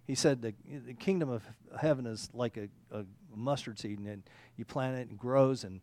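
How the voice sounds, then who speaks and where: A man's voice: mid-range voice, moderate pace, darkish tone, no echo. A man preaching a conversational sermon, rambling and correcting himself, often checking in with "okay?". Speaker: pastor.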